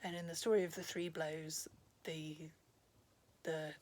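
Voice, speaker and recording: A woman retells old folk tales in a relaxed vlog. Her voice sits fairly low and she talks chattily, wandering into asides and pausing with ums. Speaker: storyteller. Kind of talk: casual storytelling vlog.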